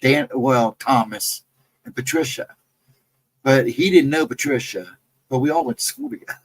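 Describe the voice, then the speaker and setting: A man's voice: mid-range voice, animated, normal speed, low-quality recording. A man casually recounting his own ghost encounters in a rambling, self-correcting way. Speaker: guest storyteller.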